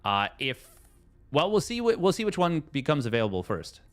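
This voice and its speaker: This tournament caster, a Canadian man with Canadian English speech, keeps his live commentary casual and chatty while answering questions from viewers. He has a slightly high voice, is very animated, and talks at a moderate pace.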